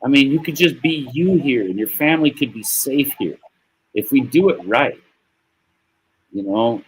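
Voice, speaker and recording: A man's voice: medium pitch, expressive, normal speed, a little hiss or hum, low-quality recording. An American man streaming to his viewers in a casual, rambling monologue that is heartfelt and profane, with laughs. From United States.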